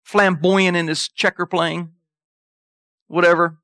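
A man preaching an animated sermon who reads scripture aloud and jumps into high voices for emphasis. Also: slow, no echo, clean studio sound.

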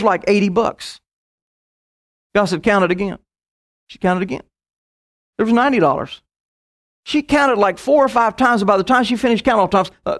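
Casting: middle-aged male preacher, high-pitched, storytelling sermon with quick asides.

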